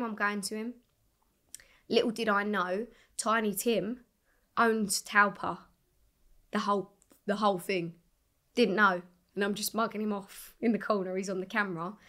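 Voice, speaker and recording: A young woman, a singer, telling her story in a casual interview, animated and swearing freely as she acts out what people said. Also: mid-range voice, moderate pace, long pauses. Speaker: singer guest.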